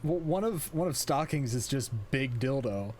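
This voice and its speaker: A man's voice: mid-range voice, expressive, normal speed, over a noisy crowd. A young man co-hosting a casual podcast, laid-back and casually swearing. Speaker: podcast co-host. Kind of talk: casual anime podcast chat.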